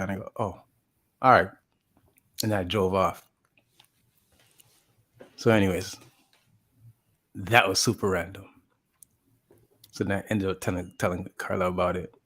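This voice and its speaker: Man, lowish voice, casual storytelling, rambling, filler words, acts out quotes. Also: steady tone, normal speed, pauses often, a bit bright. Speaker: podcast co-host.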